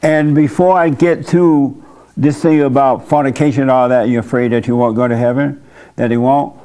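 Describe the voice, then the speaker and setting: A man's voice: mid-range voice, fairly even intonation, normal speed, mellow. Blunt, folksy male pastor. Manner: blunt, conversational, folksy asides. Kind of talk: informal church talk with congregation.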